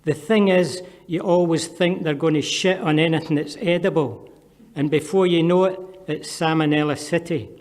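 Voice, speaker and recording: A man's voice: fairly high pitch, moderate pace, darkish tone. A man with a Scottish accent, a poet giving a live poetry reading with dry, wry asides between the poems. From Scotland. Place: performance venue with long reverb. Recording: reverberant hall.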